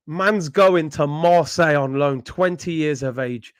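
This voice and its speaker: A man's voice: on the high side, a little slow, clean tone, no room sound, studio quality. A young man ranting in exasperation as a football channel host, repeating himself in disbelief. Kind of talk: ranting vlog commentary.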